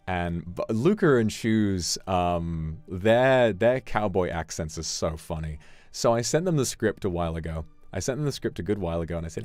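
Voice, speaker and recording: A man streamer chatting casually, telling an animated story with sudden jumps in pitch. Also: moderate pace, no echo. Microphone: streaming microphone. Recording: dry close mic, faint music behind.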